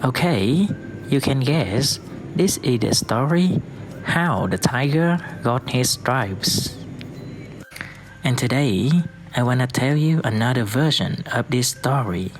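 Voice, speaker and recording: A male English teacher leading a vocabulary drill and saying each word slowly and deliberately several times. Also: mid-range voice, expressive, slight background noise. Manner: slow, deliberate repetition of words.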